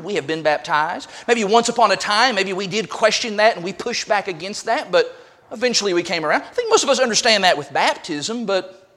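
A man's voice: sits high, fairly bright tone. A man preaching a sermon as pastor, emphatic and full of rhetorical questions.

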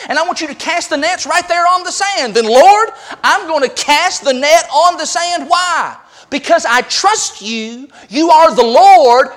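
A man's voice: very high-pitched, fairly bright tone, pitched above the performer's own voice. A man voicing a fisherman apostle who earnestly vows obedience to his master in a sermon.

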